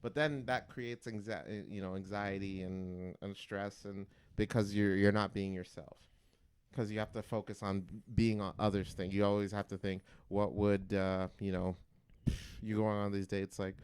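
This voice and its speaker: A man co-hosting a casual podcast, excitable and jokey, swearing freely as he talks. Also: fairly low pitch, a little slow, smooth, dry recording. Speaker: podcast co-host. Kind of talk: casual chat. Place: Toronto.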